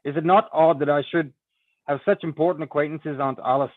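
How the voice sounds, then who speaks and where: A man reading aloud and voicing a frank, lively young heiress in a raised, brighter tone. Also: fairly high pitch, fairly quick, no echo, natural voice. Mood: eager. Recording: tinny phone-like line, dry.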